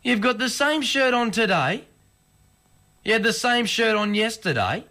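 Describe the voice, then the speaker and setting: A man voicing a blunt, teasing old farm grandmother, in a higher voice. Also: expressive, unhurried, sharp tone, full character voice. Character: dry, sharp-tongued old farm grandmother.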